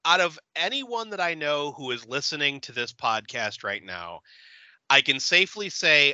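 A man's voice: fairly high pitch, big pitch swings, unhurried, pushed and bright, no echo. A man hosting a casual podcast, recapping a movie with profanity and acting out the characters' lines. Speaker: podcast host.

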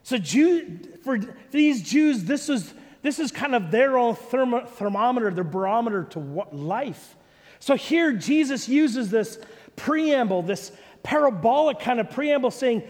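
Animated Kiwi pastor in an echoey hall. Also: male voice, very high voice, measured pace. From New Zealand. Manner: animated, self-mocking storyteller. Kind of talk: sermon with personal storytelling.

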